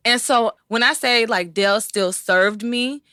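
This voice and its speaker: Bright-voiced woman co-hosting a podcast. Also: on the high side, a little slow, clean tone, no room sound, clean studio sound. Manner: animated storytelling, acts out quoted voices. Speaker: podcast co-host. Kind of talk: casual conversation.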